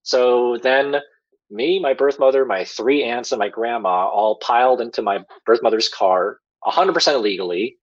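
A man's voice: mid-range voice, moderate pace, slightly rough, muffled recording. A man telling a personal story as a podcast guest, rambling casually with lots of fillers and chuckles. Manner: rambling, filler-heavy, chuckles while talking.

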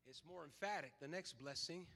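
A man's voice: on the high side, brisk, creaky, sharp tone, in a large hall. A man pastor preaching a fervent sermon, quoting scripture and calling on the congregation to respond.

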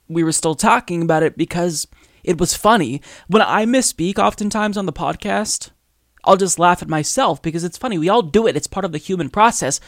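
A man hosting a political commentary podcast, ranting with exasperation and firing off rhetorical questions. His voice sits high for a man. The sound is dry, with no room echo. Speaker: podcast host.

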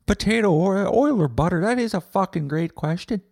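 A man voicing an excitable drunk Irish potato farmer fan, with a put-on Irish accent that slips toward Scottish, gushing and swearing. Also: high-pitched, moderate pace, creaky, dry recording, clean studio sound, voice pushed up, heavily acted. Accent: put-on Irish drifting Scottish.

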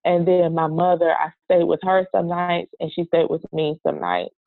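A woman telling an emotional personal story in an interview, speaking in a halting, earnest way. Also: on the low side, little pitch movement, vocal fry, no echo. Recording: dry, tinny phone-like sound.

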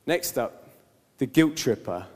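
A man's voice: mid-range voice, big pitch swings, slow. A man preaching a sermon in an earnest tone, acting out everyday examples. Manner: earnest, with acted-out quotes and examples. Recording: long hall reverb.

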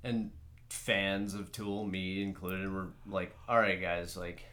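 A man's voice: sits low, level tone, slow pace, pushed and bright. A man hosting a podcast, chatting casually in a rambling, filler-heavy way and swearing now and then. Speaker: podcast host. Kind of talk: casual chat.

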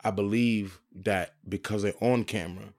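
A man's voice: on the low side, steady tone, moderate pace, darkish tone. A man co-hosting a podcast in casual chat, blunt and emphatic, hammering his points by repeating them. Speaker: podcast co-host.

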